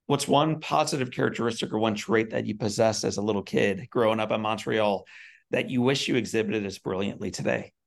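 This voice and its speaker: A man hosting a casual podcast interview, asking friendly quick-fire questions. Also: lowish voice, creaky. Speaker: podcast host.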